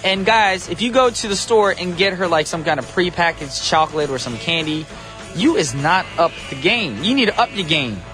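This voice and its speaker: A man's voice: fairly high pitch, animated, moderate pace, over music. Upbeat joking male radio DJ. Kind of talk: casual radio hosting. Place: radio studio.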